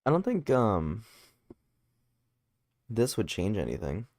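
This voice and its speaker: A man's voice: fairly low pitch, wildly swooping pitch, takes it slowly, darkish tone, dry recording. A tired man livestreaming game development, casually chatting and answering viewer questions while he works. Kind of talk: casual livestream chat and coding explanation.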